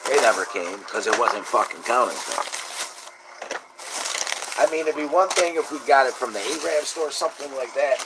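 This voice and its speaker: A man's voice: mid-range voice, animated, moderate pace, heavy background noise. A man telling a long, profane, indignant story in casual talk. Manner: indignant, profane, rising to shouting. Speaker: host.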